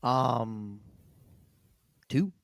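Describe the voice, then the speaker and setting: A man in a middle pitch answers trivia questions in a relaxed, unhurried way, hesitating a little before he commits. The recording is close and dry. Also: gravelly, no room sound. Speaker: trivia contestant. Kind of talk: casual game banter.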